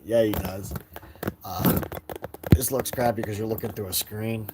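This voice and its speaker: A man's voice: fairly low pitch, steady tone, unhurried, heavy background noise. A man talking casually on a livestream at night from indoors by a window, rambling in an easygoing way and chuckling often. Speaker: livestream host talking to chat and his young son.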